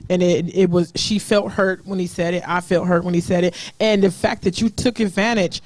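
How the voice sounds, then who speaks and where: A woman's voice: lowish voice, fairly even intonation, moderate pace, no room sound. A woman telling a personal parenting story in a casual podcast chat, emphatic and direct. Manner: emphatic storytelling, frequent "yes". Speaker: guest parent.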